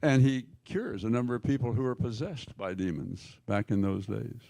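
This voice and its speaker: A male pastor preaching a sermon in church, telling the stories emphatically with jokey asides and quick self-corrections. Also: medium pitch, creaky, warm tone, no room sound.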